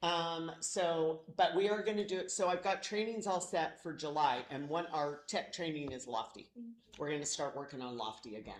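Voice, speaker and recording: A man leading a real estate office meeting in a loose, halting way, with many restarts. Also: a little high. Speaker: brokerage meeting leader. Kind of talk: casual office meeting talk. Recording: echoey meeting room.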